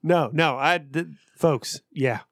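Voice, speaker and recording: A man's voice: on the high side, slow, noisy background. A man co-hosting a podcast in casual chat, tossing in swearing exclamations and short interjections. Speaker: podcast co-host.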